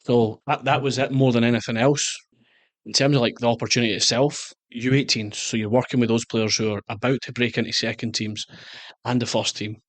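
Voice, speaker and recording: A Scottish man in his thirties, a guest soccer coach, telling animated stories in a casual interview and slipping into quoted voices. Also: medium pitch, brisk, dry recording. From Scotland.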